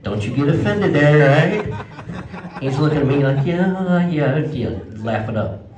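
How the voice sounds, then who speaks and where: A man's voice: lively intonation, a little slow, crowd noise. Folksy man in an echoey hall. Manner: folksy storyteller, voice jumps high for quoted outbursts. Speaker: stand-up comedian. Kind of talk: stand-up comedy set. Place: legion hall stage before a live audience. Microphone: handheld microphone, picked up from some distance. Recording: echoey hall, mic at a distance.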